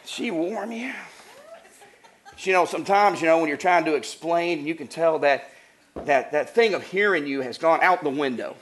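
Middle-aged guy preaching, kinda high voice, cracks himself up telling stories. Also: a little fast, a little hiss or hum. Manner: animated, acts out voices, laughs while telling stories. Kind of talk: sermon with humorous storytelling.

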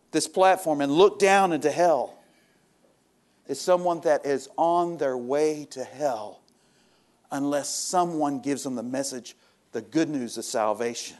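A male pastor preaching a sermon, reading scripture and then explaining it, swinging between loud rising exhortation and quiet confiding talk. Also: fairly high pitch. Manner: reads scripture aloud, then explains it plainly.

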